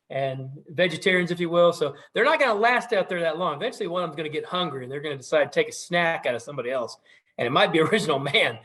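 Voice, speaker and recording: A man's voice: a little high, fairly bright tone. Chatty man telling a folk story. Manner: conversational, with many fillers and asides. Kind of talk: casual oral storytelling.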